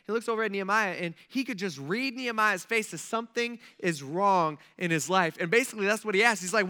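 A man's voice: high voice, lively intonation, fast, hardly any pauses, pushed and bright. A man preaching a sermon in a conversational style, full of asides to his listeners. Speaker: pastor. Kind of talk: casual sermon.

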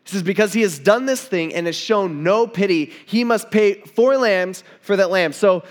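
A man preaching a sermon in a casual, conversational way, retelling a story and acting out its dialogue. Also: sits high. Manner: conversational, acts out dialogue, many restarts.

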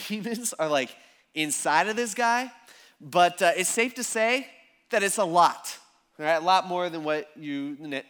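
Casual, animated male pastor preaching. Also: on the high side. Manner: casual, animated storytelling with slang. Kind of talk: sermon.

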